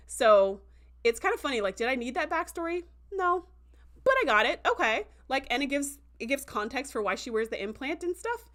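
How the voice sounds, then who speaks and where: A young adult woman recapping an episode in a casual livestream, animated and full of fillers, acting out quoted reactions as she goes. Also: fairly high pitch, moderate pace. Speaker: show reviewer.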